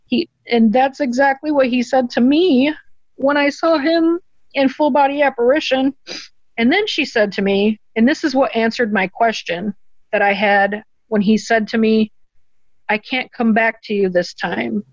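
An earnest woman recounts a deeply personal story as an interview guest. She talks through tears at moments and lifts her voice to quote others. The sound is close and dry, slightly dull. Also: a little slow, no room sound. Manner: earnest, tearful at moments, quoting others in a lifted voice.

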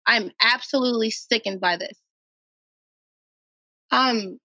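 A woman from Minnesota speaks earnestly as a podcast guest, leaning on repeated phrases to drive each point home. Her voice sits a little high and is bright and sharp. The recording is dry and somewhat dull. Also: unhurried, pauses often, dry recording. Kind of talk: emotional personal account.

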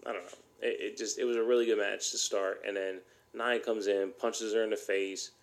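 A man's voice: fairly low pitch, little pitch movement, a little fast. A man hosting a solo podcast, ranting bluntly and heatedly, swearing often. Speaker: podcast host.

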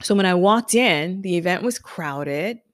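A woman telling a personal story in a lively, conversational way, then leading into spoken affirmations as a motivational speaker. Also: on the low side, a little slow, no room sound. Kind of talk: personal anecdote and motivational talk.

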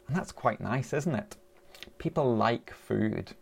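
Gravelly-voiced man preaching a sermon. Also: mid-range voice, lively intonation, slow pace. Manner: conversational, with rhetorical questions.

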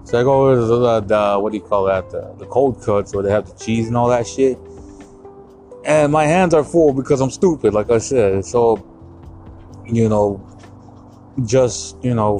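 A man's voice: mid-range voice, a little mellow. A man hosting a podcast, ranting through a heated, profanity-laden story. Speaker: podcast host. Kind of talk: casual podcast rant.

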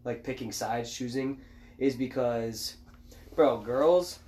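A young man co-hosting a podcast in crude casual chat, joking loudly and swearing a lot. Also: medium pitch, takes it slowly. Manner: loud, jokey, swears a lot, shouts and laughs. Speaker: podcast co-host.

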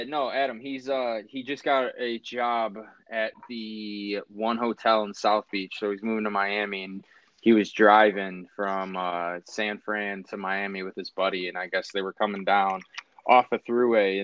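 Laughing, animated man. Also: lowish voice, moderate pace. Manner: laughing, animated storytelling, swears freely. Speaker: podcast host. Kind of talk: casual chat. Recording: dull lo-fi audio.

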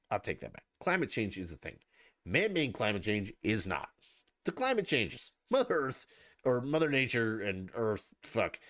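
A man's voice: fairly low pitch, a bit bright, no echo, studio quality. A man hosting a podcast in a casual, combative political rant, swearing a lot and sarcastically mocking his opponents. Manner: profane and combative, heavy swearing; sarcastic, mocks opponents with put-on voices. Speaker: podcast host.

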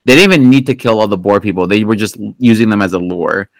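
A man's voice: on the low side, fast talker, dry recording, low-quality recording. A man hosting a podcast, recapping a film in a casual, rambling and profane way, full of fillers and restarts. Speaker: podcast host. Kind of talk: casual movie recap chat.

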